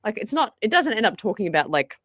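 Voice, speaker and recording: A woman's voice: medium pitch, husky, no room sound, clean studio sound. A woman guest on a podcast, chatting casually and animatedly, with lots of fillers and restarts. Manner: animated, fast, full of likes and restarts.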